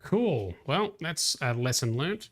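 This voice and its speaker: A man's voice: fairly high pitch, big pitch swings, slow pace, fairly bright tone. A man casually thinking aloud as he plays through a game on a livestream. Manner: chatty, thinking aloud while playing. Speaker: streamer. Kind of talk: casual gameplay commentary.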